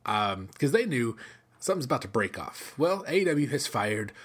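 A husky, medium-pitched voice with big pitch swings belongs to a middle-aged American podcast host speaking at normal speed. Alone on his casual show, he wanders conversationally, using many fillers and restarting sentences.

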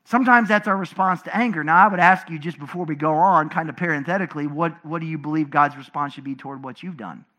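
Male pastor, high bright voice, lively sermon delivery with big swings in volume. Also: fast talker, hardly any pauses. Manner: animated preaching, swinging from loud emphatic to low and quiet.

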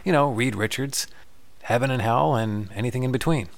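A man's voice: medium pitch, normal speed, gravelly. A man hosting a podcast, chatting casually and loosely with many fillers. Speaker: podcast host. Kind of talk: casual chat.

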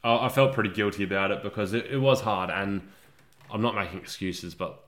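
A man's voice: on the low side, a little fast, a bit bright. A young man co-hosting a podcast, chatting casually and rambling with laid-back, trailing sentences. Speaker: podcast co-host. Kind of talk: casual chat.

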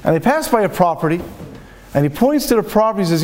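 A man's voice: high-pitched, sing-song, fast talker, a little mellow. A man giving a Torah talk as a rabbi, telling a story and acting out its dialogue.

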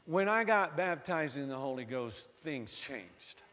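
A man's voice: fairly high pitch, animated, a little slow, fairly bright tone, long reverb tail. A man from the American South with a slight Southern accent, preaching a sermon in a conversational storytelling way that rises to fervent emphasis. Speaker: pastor.

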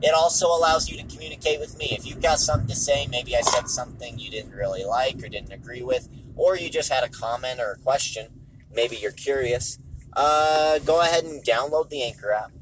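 A man's voice: medium pitch, brisk, background noise. A tired, hungry man hosting a casual solo podcast, offhand and dismissive, repeating himself, recorded in a car. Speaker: podcast host.

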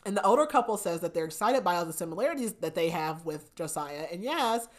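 A woman's voice: fairly low pitch, lively intonation, fast talker. A woman hosting a podcast, giving a chatty book recap, laughing often and saying "like" a lot. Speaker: podcast host.

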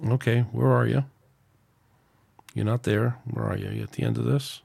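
Solo podcast host, male, mid-pitched, ranting and venting, loose and rambling. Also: steady tone, normal speed, creaky, a little mellow, slightly rough. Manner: angry, ranting, rambling with restarts.

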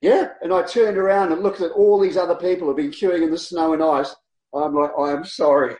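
Lively New man in a roomy space. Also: high voice, a little fast, slight background noise. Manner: animated, laughs often, acts out people in his stories. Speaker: guest, long-distance cyclist. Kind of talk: casual storytelling interview. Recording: roomy echo.

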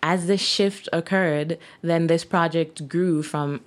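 A woman's voice: lowish voice, fairly even intonation, slow pace. A Jamaican woman in her thirties, a guest in an interview, chatting casually with many fillers and laughs. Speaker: guest, T-shirt brand owner.

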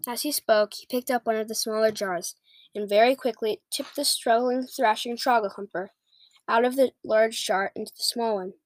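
A woman's voice: a little high, fairly even intonation, moderate pace, no echo. Woman reading a children's book aloud. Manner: stumbles and restarts words. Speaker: reader.

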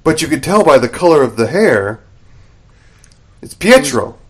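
A man's voice: fairly high pitch, unhurried, breathy edge. A man co-hosting a podcast, casually recapping a TV episode and acting out the characters' lines as he goes. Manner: animated retelling, acts out characters' lines. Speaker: podcast co-host.

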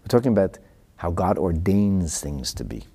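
A man teaching a class on religious texts and telling a story in an animated way, acting out the characters. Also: deep voice, normal speed, husky. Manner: animated storyteller, acts out voices. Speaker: Torah teacher.

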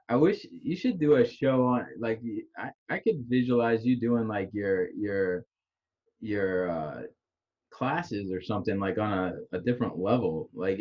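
A middle-aged man hosts a casual chat in a low voice, with a faint Chicago accent. He rambles and restarts, full of fillers. The audio is dull and lo-fi. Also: a little mellow. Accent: slight Chicago. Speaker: podcast host.

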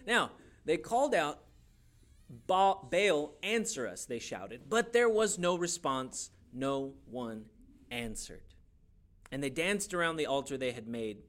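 A man's voice: a little high, big pitch swings, slow pace, a bit bright. A man teaching a youth Bible class in a casual, joking way, asking the class questions as he goes.

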